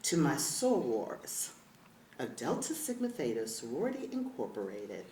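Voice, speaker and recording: Low-voiced woman giving an acceptance speech. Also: huge pitch swings, measured pace, slight background noise. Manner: warm, emotional, laughing asides. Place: large event hall. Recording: echoey hall with faint ambience.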